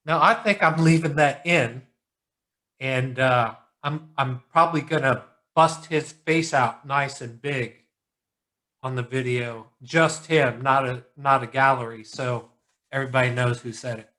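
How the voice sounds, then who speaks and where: A tired man hosting a casual video call chat, relaxed and encouraging, rambling a little. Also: mid-range voice, unhurried. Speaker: host.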